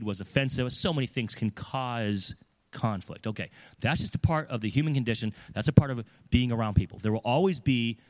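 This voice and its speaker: A man preaching a sermon, lively and conversational, acting out the voices of the people in his examples. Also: lowish voice. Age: adult with children. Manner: animated, acts out quoted voices.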